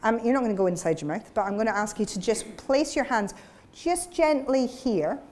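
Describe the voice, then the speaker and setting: A woman's voice: on the high side, animated, normal speed, darkish tone. A woman leading a voice workshop for a live audience, explaining and demonstrating sounds as she goes. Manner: demonstrative, breaks into sound demos. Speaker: vocal coach. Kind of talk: workshop lecture with live voice exercises.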